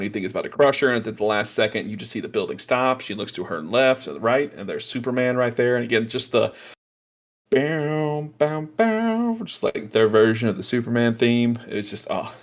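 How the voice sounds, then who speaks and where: Podcast host, male, lowish voice, eager scene-by-scene recap, chatty and loose. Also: fast talker, few pauses. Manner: excited retelling, lots of fillers, acts out quotes. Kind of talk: casual movie review chat.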